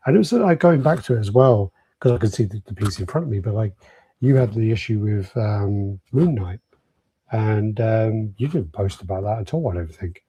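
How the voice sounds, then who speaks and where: A man's voice: fairly low pitch, normal speed, dark tone, breathy edge, no echo. A man co-hosting a casual podcast who reasons aloud, often restarting and repeating words. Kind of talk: casual chat.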